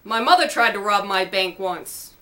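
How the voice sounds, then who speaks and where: A woman's voice: mid-range voice, lively intonation, moderate pace, pitched below the performer's own voice. A woman doing a blustering male moon-dog villain. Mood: smug. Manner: blustering, shouting.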